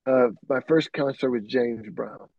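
A man's voice: medium pitch, unhurried, no echo, lo-fi sound. A middle-aged man, a keyboardist guest telling rambling anecdotes full of restarts and "man". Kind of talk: casual storytelling.

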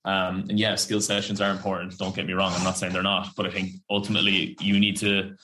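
Fast-talking Irish rugby player, low voice. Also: male voice, completely flat delivery, sharp tone, slight background noise. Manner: chatty and rambling, full of fillers and slang, swears freely. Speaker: professional rugby player guest. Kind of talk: casual podcast interview.

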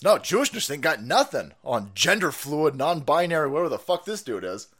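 Profane, animated male streamer ranting. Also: a little high, fairly quick. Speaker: stream host. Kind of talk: livestream rant commentary.

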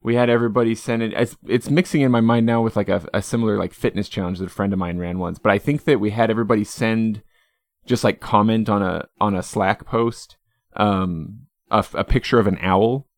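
Low-voiced man hosting a podcast, dry sound. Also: no room sound. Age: young adult. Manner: easygoing, reflective, quick short replies. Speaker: podcast host. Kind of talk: casual interview chat.

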